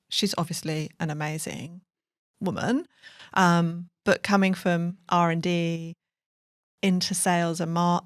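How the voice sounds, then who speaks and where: A woman with a fairly low voice co-hosts a podcast in a dry, close sound. She chats in an easy, agreeable way, with lots of yeahs and you-knows. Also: clean tone, dry recording. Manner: agreeable, many fillers and yeahs. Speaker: podcast co-host. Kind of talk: casual chat.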